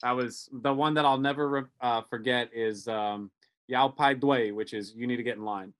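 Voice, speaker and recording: A man guesting on a podcast, telling animated stories and acting out quotes in casual chat. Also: mid-range voice, normal speed, clean tone. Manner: animated storyteller, acts out quotes.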